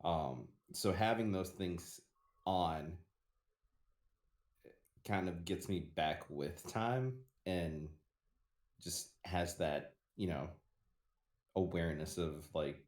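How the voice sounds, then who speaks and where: A man with a very low voice speaks slowly as co-host of a casual livestream. He hesitates and restarts his sentences often. The room around him rings with echo. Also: a little mellow. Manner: halting, hesitant, many restarts.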